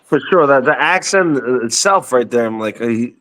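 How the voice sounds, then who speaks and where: A man bantering casually on a talk show. He sounds laid-back and slangy, dropping "bro" all the time, at an ordinary mid pitch. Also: lively intonation, normal speed, fairly bright tone. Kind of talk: casual chat.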